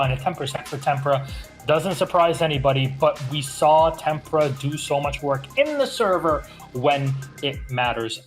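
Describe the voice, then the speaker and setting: An esports desk host reads out match predictions in a crisp, upbeat broadcast manner before passing to the casters. The voice sits at a middle pitch, with faint music in the background. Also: low-quality recording.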